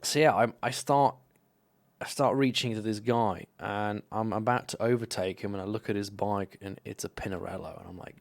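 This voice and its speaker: A man's voice: fairly low pitch, normal speed, creaky. A young man from Slovenia telling rambling, profane stories in a casual live stream. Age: young adult. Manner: rambling, profane, animated anecdotes.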